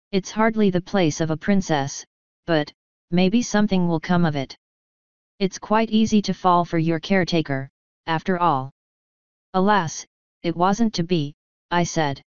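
Woman reading fanfic out loud, even steady delivery, super clean voice, dry close mic. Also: lowish voice, clear, resonant tone, no room sound. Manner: even, measured reading, voicing every character in the same plain voice. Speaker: fanfiction reader. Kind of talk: audiobook-style story narration. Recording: dull, slightly lo-fi sound, dry close mic.

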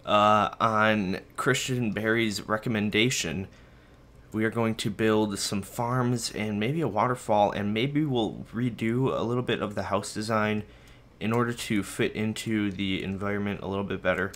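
A young man records casual gameplay commentary from his bedroom. His voice sits a little low, and he rambles easily, teasing himself and chatting straight to his viewers. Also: normal speed, fairly bright tone. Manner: rambling, self-mocking, talks to viewers and his dog. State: a bit out of breath. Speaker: gaming video host. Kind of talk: casual let's-play commentary. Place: bedroom at home.

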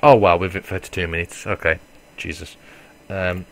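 With a low, steady voice and vocal fry, this gamer speaks at a moderate pace in casual let's play commentary. He swears, pokes fun at himself, and shifts from loud reactions to muttering.

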